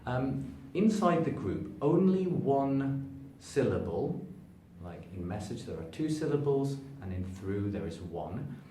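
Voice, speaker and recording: Speaking a little slowly, a man teaches English pronunciation to camera, drawing out and emphasizing words to show stress, with lively pitch changes. Standing before a sign, he steps toward and away from a camera placed at a distance; the recording is echoey and distant, with faint background noise.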